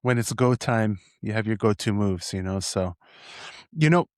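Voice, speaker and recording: A man's voice: lowish voice, lively intonation, moderate pace, no room sound, studio quality. Rambling, enthusiastic man from Edmonton. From Edmonton, Canada. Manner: rambling, enthusiastic, many restarts. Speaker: podcast host. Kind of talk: casual interview.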